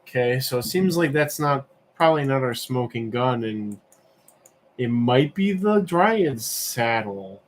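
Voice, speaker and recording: A man's voice: medium pitch, lively intonation, measured pace. A man hosting a livestream, thinking aloud in a casual, rambling way as he browses and asks himself questions. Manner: rambling, musing, self-questioning with fillers. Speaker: livestream host.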